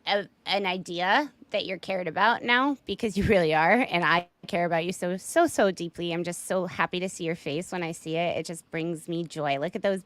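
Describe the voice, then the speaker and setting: A woman's voice: on the low side, normal speed, few pauses, fairly bright tone, dry recording. A woman co-hosting a casual livestream chat, affectionate and laughing often, with casual swearing. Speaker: livestream co-host.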